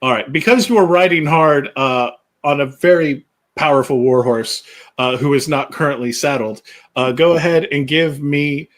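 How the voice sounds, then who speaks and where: A man running a tabletop role-playing game, narrating scenes slowly and deliberately. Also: on the high side, fairly bright tone. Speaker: game master.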